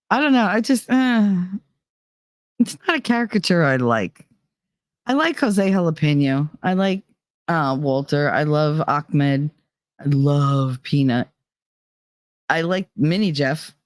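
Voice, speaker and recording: A woman's voice: sits low, no echo, studio quality. A woman hosting a live stream, chatting casually and reading out comments, rambling and laughing often. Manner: fond of loud, over-the-top talk. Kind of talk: casual chat.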